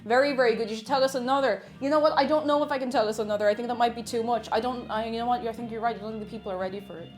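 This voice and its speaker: A woman's voice: on the high side, very fast, few pauses, a little mellow, faint music behind. A young woman with an Irish accent, chatting casually on a live stream while she bakes, reading chat aloud and joking along. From Ireland.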